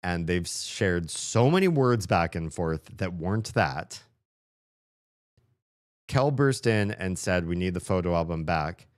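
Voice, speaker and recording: A man's voice: low-pitched, lively intonation, slow pace, no echo, clean studio sound. A man streaming a story game, chatting casually and playfully as he comments and often laughs.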